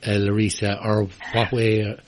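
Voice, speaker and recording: A man's voice: on the low side, monotone, normal speed. A man hosting a radio interview, asking friendly questions with plenty of fillers. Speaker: radio host.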